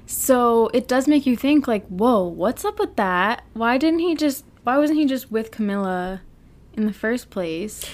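With a fairly high pitch and a lively, somewhat mellow tone, an American woman co-hosts a podcast. She keeps the conversation casual and giggly, stretching out her words and laughing often as she goes.

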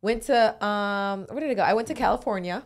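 A young woman, a boxing champion, chatting as a podcast guest, swinging from animated stories to confident boasting. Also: medium pitch, fairly quick. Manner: animated storytelling, confident trash talk. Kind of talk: casual interview chat.

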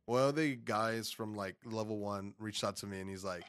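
A man co-hosting a podcast in casual chat, excitable and swearing heavily. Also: fairly low pitch, moderate pace, slight background noise. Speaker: podcast co-host.

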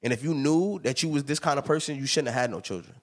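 A man in his thirties hosting a podcast, telling stories in an emphatic, animated way with plenty of laughter. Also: mid-range voice, fast talker. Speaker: podcast host. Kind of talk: casual chat.

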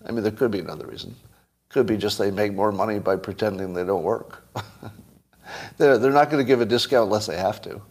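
A man's voice: on the low side, brisk, husky. A man hosting a solo commentary monologue, blunt, sarcastic and emphatic. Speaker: host.

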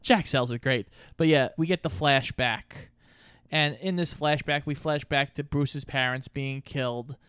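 A man's voice: mid-range voice, fairly even intonation, unhurried, fairly bright tone, clear, resonant tone, no room sound, clean studio sound. A man hosting a podcast in casual chat, plainly recapping and explaining. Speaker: podcast host.

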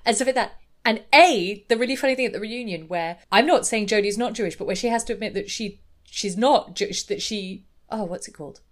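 A woman's voice: mid-range voice, a little fast. Rambling, chatty woman podcast co-host. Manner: rambling, filler-heavy, acts out quotes. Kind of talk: casual chat.

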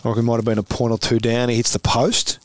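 A man with an Australian accent, a podcast guest telling lively anecdotes and laughing often. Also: medium pitch, quick pace, no room sound. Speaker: podcast guest, former footballer. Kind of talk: animated storytelling chat.

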